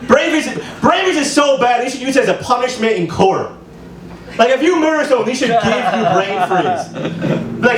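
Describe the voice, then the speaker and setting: A man's voice: extremely high pitch, sing-song, moderate pace, a loud crowd. A young man in his twenties doing loose, profane, rambling open-mic stand-up in a small club. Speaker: stand-up comedian. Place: small comedy club stage. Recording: roomy room sound from a distance.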